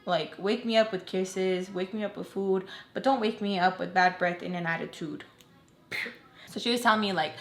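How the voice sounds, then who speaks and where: A woman's voice: medium pitch, normal speed. A young woman telling a personal storytime in a casual vlog, candid and blunt, with plenty of swearing. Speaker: storytelling vlogger. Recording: roomy echo.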